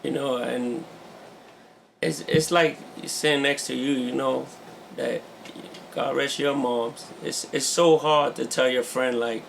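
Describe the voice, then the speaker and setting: Gravelly, earnest man, casual talk. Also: mid-range voice, steady tone, takes it slowly, a little hiss or hum. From New York. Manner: earnest, peppers talk with "man" and "you know". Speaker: podcast co-host. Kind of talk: casual chat.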